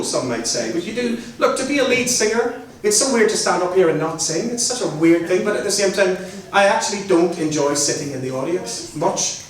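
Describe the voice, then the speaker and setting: A middle-aged man with a Belfast accent, giving a chatty, joking talk to a live audience. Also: sits high. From Northern Ireland. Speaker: guest speaker. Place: large hall with an audience. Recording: very echoey hall, mic at a distance, faint noise.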